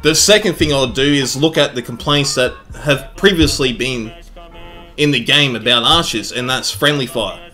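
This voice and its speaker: A man giving energetic, joking gameplay commentary, full of swearing and bursts of excitement. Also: mid-range voice, moderate pace. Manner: energetic, jokey, profane. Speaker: game commentator. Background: faint background music.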